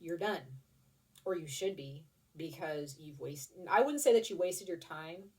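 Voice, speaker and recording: A woman with a notably low voice gives a casual, chatty tarot reading. She rambles, restarts and swears casually. Her voice sits a little distant from the mic. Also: expressive, measured pace, darkish tone. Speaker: tarot reader.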